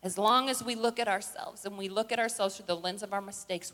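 An older woman preaching a sermon, telling the story with animated acted-out voices and rising to shouted declarations. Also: medium pitch, brisk, hardly any pauses. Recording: long hall reverb.

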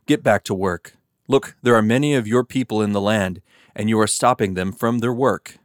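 Man reading a haughty ancient king, low, dry, commanding, barely acted. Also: normal speed, dry recording, natural voice. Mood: scornful. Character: stern arrogant ancient male king.

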